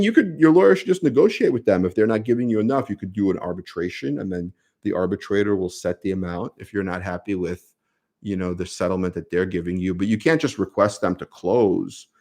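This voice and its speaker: New york lawyer guy, lowish voice, chatty live q&a, lots of "you know"s. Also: vocal fry. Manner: conversational, many fillers like "you know" and "like". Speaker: lawyer answering viewer questions. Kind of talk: casual live-stream Q&A.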